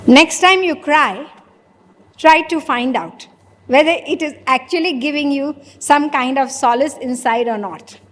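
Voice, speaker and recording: A woman delivers a spiritual talk, questioning her listeners and playing out short dialogues. Her voice sits high. Long reverb trails every phrase, as in a large hall. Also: a little slow, fairly bright tone. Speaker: spiritual teacher. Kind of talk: sermon.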